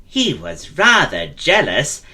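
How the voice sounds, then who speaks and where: Slow, gentle man telling a children's story. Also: fairly high pitch, wildly swooping pitch. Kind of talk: impression of a classic children's storyteller.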